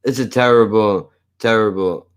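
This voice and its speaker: A man's voice: lowish voice, moderate pace, clean tone. A man giving casual, rambling reaction commentary while he searches for videos, crude and laid-back. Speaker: watch-along streamer.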